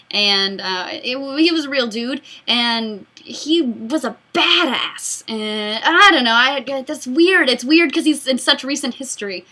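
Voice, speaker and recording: A woman in her mid-twenties hosting a casual fan Q&A, excitable and giggly, rambling between answers. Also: a little high. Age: mid-20s. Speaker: YouTube host answering fan questions. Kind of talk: casual Q&A chat.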